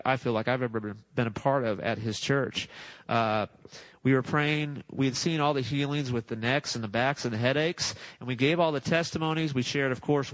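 A man's voice: mid-range voice, a bit bright, dry recording, poor audio. A man preaching a sermon, telling a testimony story in a chatty way, chuckling and acting out what people said. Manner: chatty, laughs at his own story, acts out voices. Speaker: pastor.

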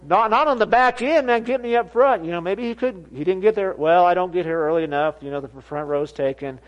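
Male pastor with a light, high voice; lively, laughing sermon storyteller. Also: fairly quick, dull audio. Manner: animated, laughing storyteller who acts out quoted voices. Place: church sanctuary.

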